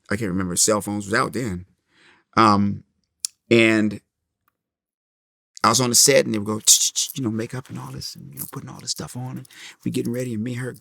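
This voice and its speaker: A middle-aged man, a comedian guest in an interview, telling his story in a lively way and acting out the people he quotes. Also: mid-range voice, vocal fry, no echo, studio quality. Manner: animated storyteller, acts out quotes.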